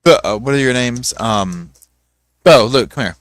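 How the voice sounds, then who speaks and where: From home, a man hosts a casual live stream with chat commentary, mocking people in funny voices and cheerfully greeting viewers by name. His voice is medium-pitched, fairly bright and lively, and he speaks unhurriedly in clean studio sound with no echo.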